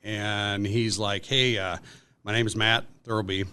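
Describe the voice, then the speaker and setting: A man's voice: on the low side, little pitch movement, a little slow, bright, forceful tone, clean tone. A man who is a guest on a podcast, telling workplace stories in a rambling, casual way with lots of fillers. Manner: rambling anecdotal storytelling with many fillers. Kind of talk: casual storytelling.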